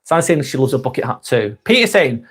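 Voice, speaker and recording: A man's voice: mid-range voice, big pitch swings, fast talker, slightly rough. Easygoing man in his forties. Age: 40s. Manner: laid-back, swears freely, calls viewers mate. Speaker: live-stream host. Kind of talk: casual live-stream chat reading viewer comments.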